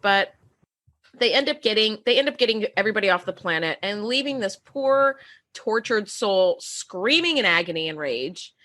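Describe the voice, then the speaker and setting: Woman podcast cohost, chatty and lively, jumps all over her pitch, laughs a lot. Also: normal speed. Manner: animated, laughs often, acts out quotes. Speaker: podcast co-host. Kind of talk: casual chat.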